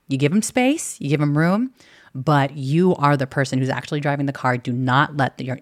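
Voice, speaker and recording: A woman's voice: rumbling low, no echo, studio quality. A woman hosting a podcast, talking candidly and casually, swearing now and then and acting out inner voices. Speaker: podcast host. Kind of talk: casual chat.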